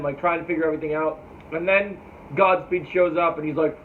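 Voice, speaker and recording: Casual male reviewer with a higher voice, loose and foul-mouthed, tinny phone-like sound. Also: fairly even intonation, a little fast. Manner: rambling and profane, sometimes mimics characters. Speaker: TV show reviewer. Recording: tinny phone-like audio with faint noise.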